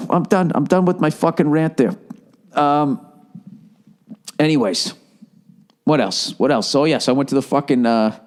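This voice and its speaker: Profane ranting man, fairly high voice. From Boston area. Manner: profane, fired-up ranting with sarcastic asides. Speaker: podcast host. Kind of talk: ranting solo podcast monologue.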